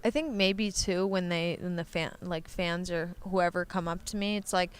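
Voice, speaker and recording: A young woman guesting on a podcast, chatting casually in a relaxed, giggly way with lots of "like.". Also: fairly low pitch, normal speed, clean tone. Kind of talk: casual chat.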